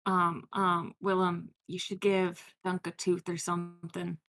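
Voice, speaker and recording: A woman's voice: fairly low pitch, little pitch movement, a little slow, a bit bright. A woman playing a tabletop game, chatting in a teasing way. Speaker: player. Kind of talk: casual tabletop game play.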